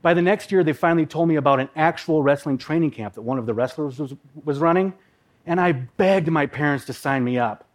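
A middle-aged man from Minnesota tells a personal story with vivid, emotional animation. His voice sits a little high. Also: a little fast.

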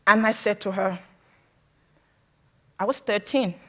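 With a mid-range voice and measured pace, a Sierra Leonean woman addresses an audience in a personal talk. As a public speaker she is frank and humorous, breaking into laughter often.

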